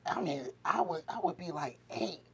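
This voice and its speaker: Lively high-voiced man, joking asides. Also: normal speed, slight background noise. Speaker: podcast co-host. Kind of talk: casual podcast chat.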